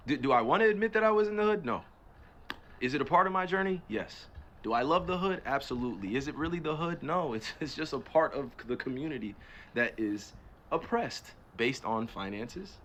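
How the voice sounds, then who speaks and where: A man from New Jersey talking on a livestream, animated and emphatic, asking and answering his own rhetorical questions. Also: medium pitch, a little fast, slight background noise. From New Jersey, USA. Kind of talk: casual livestream chat.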